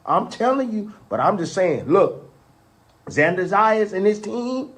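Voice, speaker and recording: A man's voice: high-pitched, very animated, a little slow. A man speaking as a boxing pundit in a played clip, giving a taunting pep talk to a fighter with an exaggerated, drawling delivery full of "ooh" and "oh".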